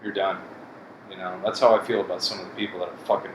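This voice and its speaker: A man's voice: deep voice, level tone, very fast. A man talking to his channel in a blunt, profane, bitter rant about betrayal and hopelessness. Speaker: vlogger. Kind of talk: casual monologue to camera. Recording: echoey room with air conditioning hum.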